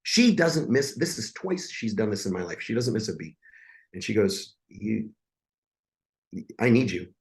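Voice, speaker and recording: A man's voice: fairly low pitch, very animated, normal speed. A man in his forties, a podcast guest, telling a personal story in a blunt, intense and profane way.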